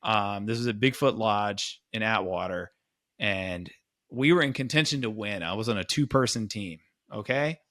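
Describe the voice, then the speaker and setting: A man's voice: on the low side, moderate pace, a bit bright, no room sound, studio quality. A man co-hosting a podcast, talking casually and with enthusiasm, rambling with many restarts. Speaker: podcast co-host. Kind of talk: casual chat.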